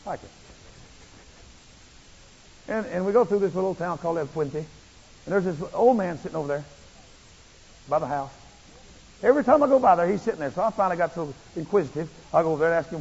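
A male preacher giving a fervent, repetitive sermon that rises into shouts. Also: a little high, fast, slightly rough. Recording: muffled, long hall reverb.

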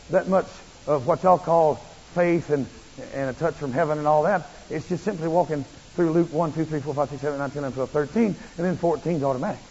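Preacher guy, gravelly husky voice, fired up, big echoey hall. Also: on the high side, slight background noise. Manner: fervent, repetitive, rising to shouts. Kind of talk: sermon. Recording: muffled, long hall reverb.

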